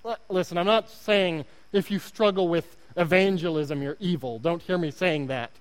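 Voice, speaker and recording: A guest pastor from Oklahoma, United States, preaches a sermon in a church, his accent clear and his manner earnest and self-deprecating as he repeats words for emphasis. His voice is high-pitched and clean in tone at a normal speed, heard through long hall reverb.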